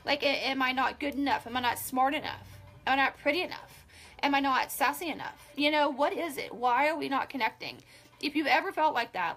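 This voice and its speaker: A high-voiced young woman chatting straight to her viewers, emphatic and quick to restart her sentences. Faint music plays in the background. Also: a bit bright. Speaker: social media coach. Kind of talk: casual live video talk.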